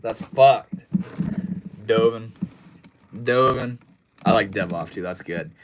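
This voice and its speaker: A young guy running a casual livestream reads chat messages out loud and replies in a relaxed, slangy manner, his words fading into low mumbles. He takes his time, and there's a lot of background noise.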